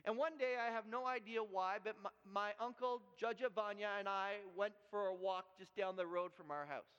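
A man's voice: sits high, moderate pace, a bit bright, clear, resonant tone. A man from Canada preaching a sermon, telling a personal story in an earnest way and often repeating and restarting words. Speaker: pastor. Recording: echoey hall, dull lo-fi sound.

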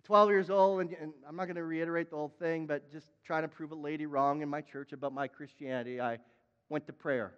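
A man preaching a sermon as a pastor, emphatic, repeating his words and now and then crying out loud. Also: fairly high pitch, steady tone, a little fast, clear, resonant tone, in a large hall, lo-fi sound.

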